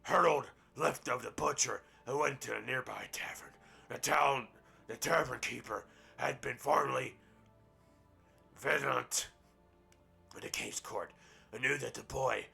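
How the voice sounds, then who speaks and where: Man, gravelly fry, slow reading, crude profane jokes. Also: mid-range voice, pushed and bright, faint music behind. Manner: crude mocking asides, profane. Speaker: gaming roleplay streamer. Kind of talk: reading a book aloud with commentary.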